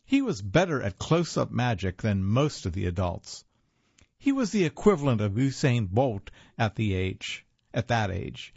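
A man in his fifties narrating his own memoir in the first person, with a wry, deadpan humor. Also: lowish voice, unhurried, creaky, breathy edge, no room sound. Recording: dull, lo-fi, dry sound.

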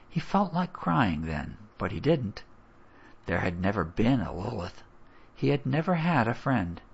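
A man narrating a story in a measured, expressive way, on a dull lo-fi recording. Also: lowish voice, vocal fry, breathy edge. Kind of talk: audiobook narration.

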